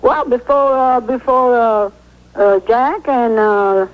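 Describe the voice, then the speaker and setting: Woman calling in, high voice, scolding the host, lotta uh's, muffled phone line. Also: slow. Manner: scolding, indignant, hesitant fillers. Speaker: caller. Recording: lo-fi telephone call on radio.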